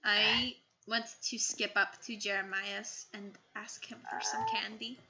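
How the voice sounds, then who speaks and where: A woman's voice: medium pitch, steady tone, a little slow. A woman playing in a tabletop game, teasing the others playfully. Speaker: player. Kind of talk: casual tabletop play. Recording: dull mic with chatter behind.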